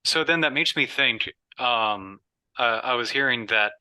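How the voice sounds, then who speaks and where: A man in a casual Bible study group, asking questions hesitantly with many pauses and fillers. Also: mid-range voice, pushed and bright, dry recording.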